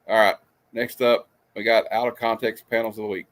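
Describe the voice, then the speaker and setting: A man's voice: fairly low pitch, level tone, fairly quick, fairly bright tone. Guy hosting a comics stream, rambling and ranting, laughing a lot. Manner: chatty, ranting, laughs often. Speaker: comic show host. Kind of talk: casual livestream commentary.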